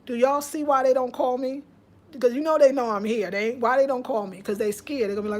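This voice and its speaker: A woman's voice: high-pitched, steady tone, fast, a little mellow. Outspoken woman host on a live stream. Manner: outspoken, preachy, reads viewer comments aloud. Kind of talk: casual live-stream chat.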